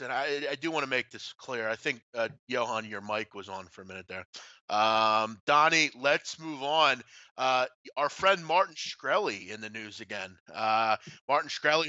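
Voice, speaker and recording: A man's voice: medium pitch, sharp tone, no echo, highs cut off. A man co-hosting a sports betting talk show, ranting bluntly and swearing freely as he tells stories. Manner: blunt and profane, ranting storyteller. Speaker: podcast co-host.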